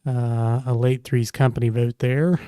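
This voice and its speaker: A man co-hosting a podcast speaks in a smooth, clear voice that sounds dry and close. He talks in a measured, agreeable way. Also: medium pitch, fairly even intonation, dark tone, dry recording. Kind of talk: casual live podcast chat.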